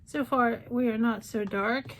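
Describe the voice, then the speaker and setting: A woman makeup vlogger with a slightly high voice, talking through a tutorial at an unhurried, drawn-out pace. She gushes over every shade and slips in playful asides. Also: steady tone, slight background noise. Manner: chatty, gushing, jokey asides. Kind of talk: casual makeup tutorial with swatches.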